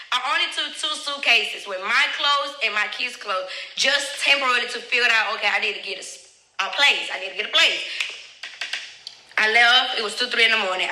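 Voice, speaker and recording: A woman's voice: on the high side, pushed and bright, reverberant, low-quality recording. A young woman and mother bluntly telling her own story to viewers, emotional and swearing, talking straight to the audience. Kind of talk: candid personal storytelling to viewers.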